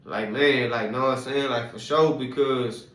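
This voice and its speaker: Man in his 30s; loose, rambling storyteller with constant fillers and slang; mid-pitched voice in an echoey room. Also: fairly even intonation, moderate pace, fairly bright tone. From Houston, Texas. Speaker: vlogger telling his life story. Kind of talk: casual storytelling.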